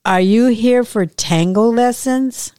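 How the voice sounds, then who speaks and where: A woman voicing a chatty, soft-spoken young female dance instructor who rambles and apologizes. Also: mid-range voice, unhurried, no room sound, studio quality, pitched above the performer's own voice, lightly acted. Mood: friendly.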